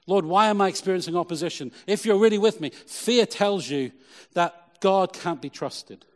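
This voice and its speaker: A middle-aged man, a pastor, preaching a sermon with emphatic, slow, repeated phrases. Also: high-pitched, long reverb tail.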